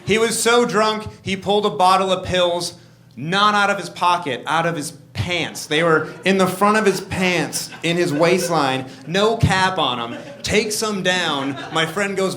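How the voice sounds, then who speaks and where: High-voiced man doing stand-up. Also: a little slow. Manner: animated, jumps to shouted punchlines. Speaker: stand-up comedian. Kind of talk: stand-up comedy set. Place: comedy club stage. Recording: echoey, noisy live club recording.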